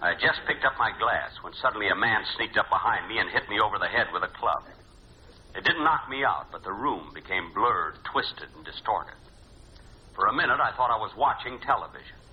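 A man hosting and narrating a 1950s radio comedy, with a dry, deadpan delivery and pauses for laughs. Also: fairly low pitch. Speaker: comedy show host and narrator. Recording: hissy dull old radio recording.

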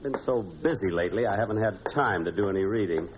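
Brief: deadpan man narrating old radio comedy, lively pitch swings, hissy dull recording. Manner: dry, deadpan delivery with pauses for laughs. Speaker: comedy show host and narrator.

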